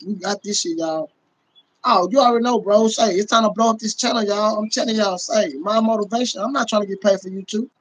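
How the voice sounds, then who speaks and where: A man on a casual livestream, ranting in a loud, profane, boisterous way and laughing often. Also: high voice, fairly quick, low-quality recording.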